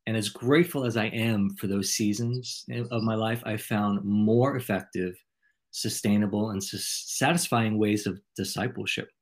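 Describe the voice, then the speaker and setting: Low-voiced man, ornate and playful. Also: steady tone. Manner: ornate, playful word choice, measured delivery. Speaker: podcast host, interviewed as guest. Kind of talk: conversational interview.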